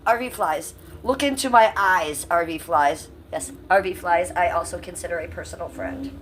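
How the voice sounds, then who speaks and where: Woman, fifties, low voice, chatty and salty livestreamer, slightly off-mic. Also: normal speed, a bit bright, far from the mic, poor audio. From Cleveland, US. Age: 50s. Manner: chatty, salty, talks to chat. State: coughing. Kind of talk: casual livestream chat. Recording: voice a bit off-mic, faint room hum.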